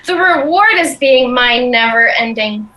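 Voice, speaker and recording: A woman's voice: a little high, lively intonation, a little slow, bright, forceful tone, poor audio. A woman putting on a sweet-talking goblin man. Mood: smug. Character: cheerful self-praising male goblin, charming.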